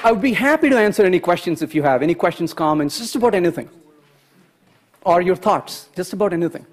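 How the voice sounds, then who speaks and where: A man giving a conference programming talk, chatty and animated, often checking in with the audience. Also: high voice, quick pace, a faint crowd. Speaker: conference speaker. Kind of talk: technical talk with anecdotes.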